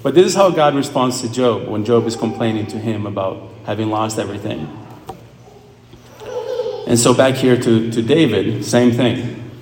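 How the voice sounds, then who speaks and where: A man's voice: medium pitch, moderate pace, darkish tone, a little hiss or hum. A man, a Catholic priest, giving a conversational homily with asides and self-corrections. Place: church. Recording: echoey church with long reverb.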